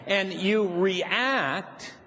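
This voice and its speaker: A man's voice: high voice, very slow, sharp tone, slight background noise. A man giving a playful live workshop talk to an audience, laughing now and then and acting out little voices as he speaks. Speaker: seminar speaker. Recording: live hall recording with reverb.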